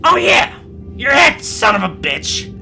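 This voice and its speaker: A man voicing a tiny, angry male green demon who talks in a growly voice, shouting and swearing. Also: very high voice, wildly swooping pitch, unhurried, gravelly, slight background noise, voice pushed up, full character voice. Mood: furious.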